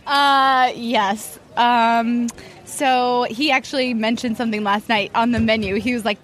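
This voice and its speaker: A woman's voice: on the high side, measured pace. Giggly woman guest at a barbecue. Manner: giggly, relaxed. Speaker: interview guest. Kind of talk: casual interview chat. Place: outdoor post-wedding barbecue.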